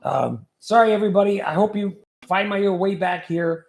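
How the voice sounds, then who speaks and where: A man's voice: high-pitched, moderate pace, gravelly. A middle-aged man hosting a casual livestream, joking and reading out viewer comments. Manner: jokey, reads out viewer comments. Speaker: livestream host.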